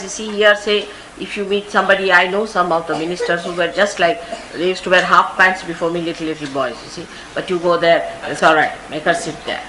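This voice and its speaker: A woman's voice: medium pitch, pushed and bright, a little hiss or hum, rough recording. An older woman with an Indian English accent, giving a spiritual talk full of anecdotes and asides. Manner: anecdotal, conversational, often says "you see". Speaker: spiritual teacher. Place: large indoor gathering.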